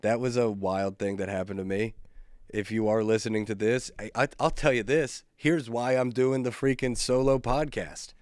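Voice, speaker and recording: Alone on his own podcast, a comedian spins casual stories in a relaxed, rambling, foul-mouthed and self-deprecating manner. His voice is medium-pitched and darkish, with fairly even intonation at normal speed, recorded dry with clean studio sound.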